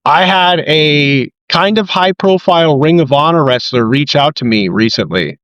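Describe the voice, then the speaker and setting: A man hosting a casual podcast, telling stories with animated, excitable energy. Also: normal speed, clean tone, no echo. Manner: excitable storyteller, quoting people with big jumps in pitch. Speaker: podcast host and ring announcer. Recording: dull lo-fi dry mic.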